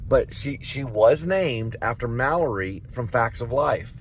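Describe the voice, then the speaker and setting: In a noisy recording from inside a moving car, a man with a mid-range voice chats with his wife as he drives. Animated but unhurried, he wanders from topic to topic and cracks jokes.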